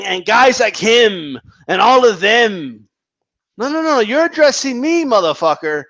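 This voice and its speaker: A man's voice: high-pitched, fairly bright tone. Heated, profane man ranting about boxing. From Mexican heritage. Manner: combative, profane, repetitive restarts. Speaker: boxing commentator. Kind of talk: heated rant vlog. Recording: dull lo-fi audio.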